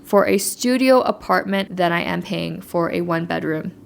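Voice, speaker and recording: A woman's voice: on the low side, moderate pace, gravelly. A young woman with a Canadian accent talking candidly in a chatty Q&A vlog. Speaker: YouTuber.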